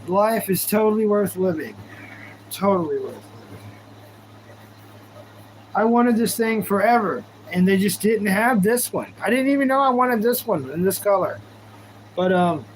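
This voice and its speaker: High-voiced rambling man streaming live. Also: slight background noise, poor audio. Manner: goofy, rambling, talks to chat. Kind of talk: casual live-stream chat.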